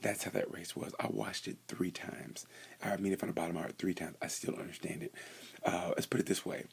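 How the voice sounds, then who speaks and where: Gravelly low-voiced man rambling casually. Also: flat delivery, fairly quick. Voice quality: gravelly, husky. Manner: rambling, joking, stumbling restarts. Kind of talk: casual race review vlog.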